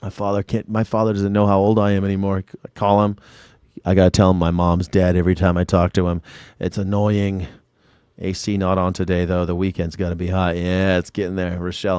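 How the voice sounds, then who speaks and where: Speaking from home in Southern California, an independent news and culture commentator rambles through a casual, profane livestream, answering viewers by name. His voice is deep and darkish, clean and free of echo, with clean studio sound.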